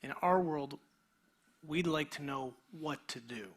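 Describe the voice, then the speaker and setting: A man, a pastor, preaching a sermon in a conversational way, sometimes dropping to a near whisper and sometimes building to an animated retelling. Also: a little high, unhurried, breathy edge. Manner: shifts between quiet intimate passages and energetic animated retelling; conversational, with restarts and filler words.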